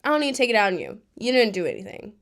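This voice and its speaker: A woman's voice: a little high, wildly swooping pitch, very fast, vocal fry, a bit bright. A young woman recapping a reality show to her viewers, ranting in exasperation and swearing often.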